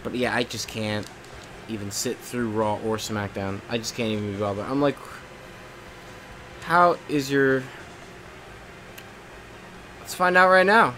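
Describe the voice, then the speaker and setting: A man's voice: on the low side, a little slow, long pauses, sharp tone, a little hiss or hum. A young man chatting casually while he live streams a game, rambling and swearing at the game now and then. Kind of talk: casual chat while gaming.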